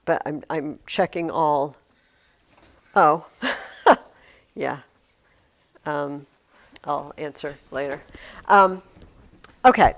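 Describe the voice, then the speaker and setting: A woman's voice: low voice, extremely slow, pauses often. A woman teacher giving a classroom lesson, talking emphatically and often restarting her words. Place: classroom with curtains on the walls. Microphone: recording device in the classroom.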